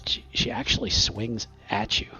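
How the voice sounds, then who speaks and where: A man narrating as game master in a halting way, full of restarts. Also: lowish voice, wildly swooping pitch, vocal fry, pushed and bright, muffled recording, faint music behind. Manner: halting, lots of restarts and fillers.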